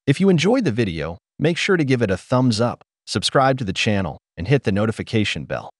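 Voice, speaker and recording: Male narrator, sardonic scripted commentary, lively pitch, dry sound. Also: a little fast, no room sound. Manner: mocking, sardonic. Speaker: channel commentator.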